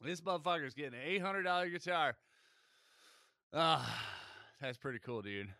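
A man's voice: a little high, lively intonation, moderate pace, creaky, bright, forceful tone, no echo, clean studio sound. A man with a Michigan accent, co-hosting a podcast with teasing remarks and frequent laughs. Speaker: podcast co-host. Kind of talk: casual podcast chat.

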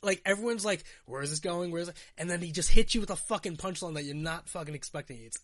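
A man's voice: sits high, fast, a bit bright, dry recording. A man co-hosting a podcast in casual chat, talking loosely with lots of filler words and swearing. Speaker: podcast co-host.

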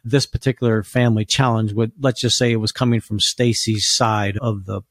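A man's voice: lowish voice, flat delivery, fairly quick, a bit bright, no echo, studio quality. A man co-hosting a relationship podcast. He talks reflectively and sometimes searches for his words. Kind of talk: casual podcast talk, personal story.

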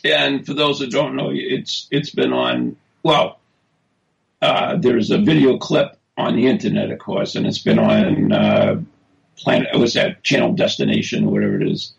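A middle-aged New man co-hosts a casual podcast, loud and teasing. His gravelly voice swings up and down a lot. The sound is muffled and lo-fi. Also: medium pitch, wildly swooping pitch, measured pace. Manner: loud, teasing, bickering banter. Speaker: co-host. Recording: dull lo-fi sound.

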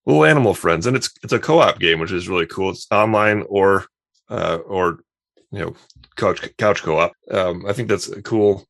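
A man with a very low, gravelly voice, chatting casually about games. He talks with easy enthusiasm, often pausing to restart his thoughts. The sound is close and dry. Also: a bit bright, no room sound. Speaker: podcast co-host. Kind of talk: casual chat.

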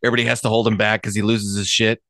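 A man's voice: lowish voice, flat delivery, rapid-fire, a bit bright, no room sound, clean studio sound. A man co-hosting a podcast, giving blunt, profane opinions in casual chat. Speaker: podcast co-host.

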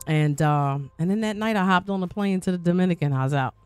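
A woman's voice: fairly low pitch, fast, a little mellow, clear, resonant tone, no room sound, soft background music. Chatty woman guest host, dry sound. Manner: chatty, rambling storyteller. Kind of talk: casual podcast chat.

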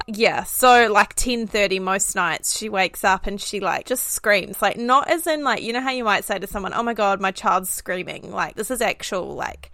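Animated New woman, dry sound. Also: medium pitch, measured pace, no echo. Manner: animated storyteller, laughs often. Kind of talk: casual chat.

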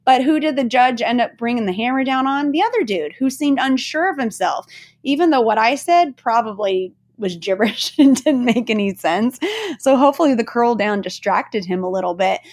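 A woman's voice: on the high side, animated, moderate pace, a little mellow. A woman hosting a podcast interview, chatty and enthusiastic, who laughs easily while sharing stories with her listeners. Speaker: podcast host.

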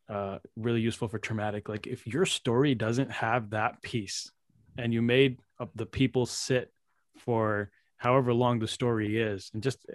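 A man's voice: mid-range voice, no echo, clean studio sound. A man hosting a podcast, reflecting and explaining in a casual chat, then handing over the turn. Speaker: podcast host.

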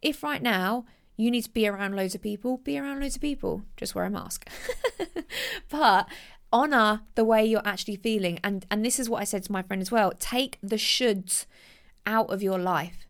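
A woman, giving casual self-help advice in a chatty, animated way and acting out quoted voices. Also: medium pitch, moderate pace, gravelly. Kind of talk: casual motivational talk.

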